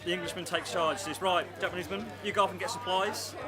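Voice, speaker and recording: A man telling a joke quickly and quietly to a street interviewer. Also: high voice, fairly even intonation, a loud crowd. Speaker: member of the public telling a joke.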